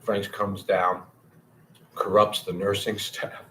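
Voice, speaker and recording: A low-pitched man chats loosely with his livestream audience, drifting between topics and swearing freely. He talks to viewers by name. A faint hum of room noise sits behind him. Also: little pitch movement, slow pace, pushed and bright, low-quality recording. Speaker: livestream host. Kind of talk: casual livestream chat with viewers.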